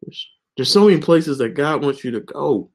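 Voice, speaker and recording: A man's voice: a little high, animated, normal speed. Earnest young man preaching casually to camera. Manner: earnest, rambling, peppers talk with "man" and "guys". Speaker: online Bible teacher. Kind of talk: casual video devotional.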